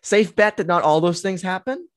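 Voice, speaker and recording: A man's voice: sits high, expressive, moderate pace, a bit bright, no room sound, clean studio sound. A man in his twenties hosting a sports podcast, chatting through team analysis in a loose, thinking-aloud way with plenty of filler words. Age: 20s. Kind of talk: casual hockey analysis chat.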